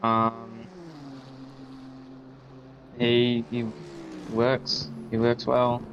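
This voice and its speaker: A man's voice: medium pitch, completely flat delivery, extremely slow, highs cut off, background noise. Hesitant teenage boy racing driver. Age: teens. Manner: hesitant, brief answers with ums. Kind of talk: interview.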